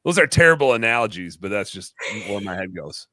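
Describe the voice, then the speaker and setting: A man's voice: on the low side, sing-song, a little fast, sharp tone, no room sound. A man hosting a podcast, asking rambling questions and joking with the guest. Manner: jokey, laughs, rambling questions. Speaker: podcast host. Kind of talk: podcast conversation.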